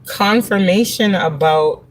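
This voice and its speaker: A woman's voice: mid-range voice, slow pace, slight background noise. A woman reads tarot live, blunt and heavy on profanity. She drives each point home with rhetorical questions and breaks into laughter often. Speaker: tarot reader on a livestream. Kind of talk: live tarot reading monologue.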